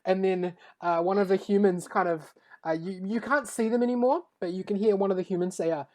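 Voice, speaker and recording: A woman running a tabletop game as game master, relaxed and hesitant, with lots of fillers. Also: medium pitch, a little fast.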